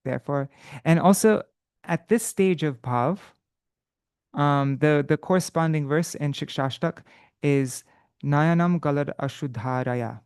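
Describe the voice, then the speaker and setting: A man's voice: on the high side, darkish tone, clean tone, dry recording, studio quality. Man thinking aloud through verses. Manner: thinking aloud, halting, with restarts and self-corrections; chants verses slowly in a sung tone. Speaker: teacher of scripture study. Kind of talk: unprepared live study session.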